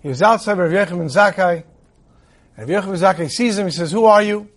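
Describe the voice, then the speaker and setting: Brief: high-voiced man, rabbi giving a Torah lecture, animated storyteller. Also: quick pace. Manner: animated storyteller who acts out dialogue. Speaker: rabbi teaching.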